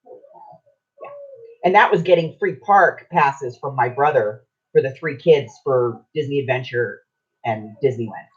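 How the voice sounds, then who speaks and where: An older woman casually telling a long anecdote on a talk show, chatty and lively, slipping into other people's voices as she quotes them. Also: extremely low pitch, a little slow, pauses often, muffled recording. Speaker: podcast co-host. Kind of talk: casual storytelling.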